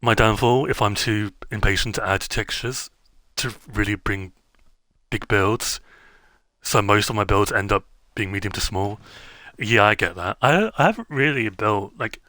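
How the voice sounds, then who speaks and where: A streamer man talks through his game in a loose, rambling way, circling back on himself with plenty of fillers. His voice sits on the low side but has a bright, forward edge. The sound is dry, with no room echo. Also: unhurried. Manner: rambling, self-interrupting, many fillers. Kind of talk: casual gameplay chat.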